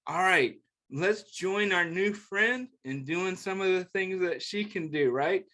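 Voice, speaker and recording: A man hosting a children's story time, reading a picture book aloud with a gentle, encouraging, playful manner and asking the young listeners questions. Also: high voice. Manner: slow, clear, playful sing-song delivery.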